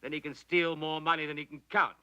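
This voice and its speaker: An actor playing a brash, boastful film director who jokes and laughs on the phone. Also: male voice, on the high side, flat delivery, brisk, sharp tone, smooth, highs cut off. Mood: bluff. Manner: boisterous, laughing, sarcastic.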